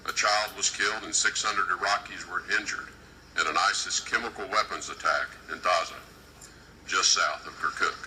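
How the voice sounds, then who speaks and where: A man, a government official, delivering a formal prepared speech at a conference podium in a measured, deliberate and emphatic way. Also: low voice, sharp tone, a little hiss or hum, low-quality recording.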